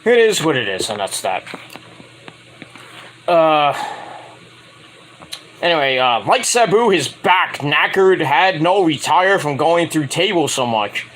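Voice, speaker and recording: A man's voice: on the high side, sing-song, takes it slowly, long pauses, a bit bright, a little hiss or hum, poor audio. A man ranting in a casual, rambling, profane style as a wrestling vlogger.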